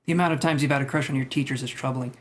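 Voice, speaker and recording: Racing along in a mid-range voice with fairly even intonation, a young man hosts a tarot live stream. He reads comments and chats casually with viewers, rambling and poking fun at himself.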